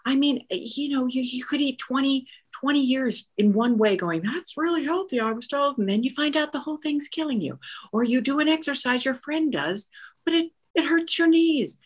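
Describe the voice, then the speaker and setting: Husky woman, chatty exasperated monologue. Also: sits high, expressive, moderate pace. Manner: chatty and exasperated, with frequent whispered asides. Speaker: comedic monologist. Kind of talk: comic monologue addressing the divine.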